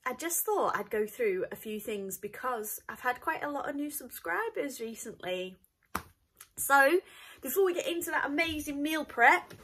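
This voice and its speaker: A woman's voice: sits high, fairly bright tone. A woman with a Northern English accent chatting casually to camera at home, cheerful and rambling with lots of asides. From north of England. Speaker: vlogger.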